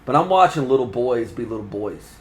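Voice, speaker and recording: A man's voice: mid-range voice, sing-song, a little fast. A man, a fishing magazine editor, chatting in an earnest, reflective way and often restarting his sentences. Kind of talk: casual chat. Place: fishing trade show floor.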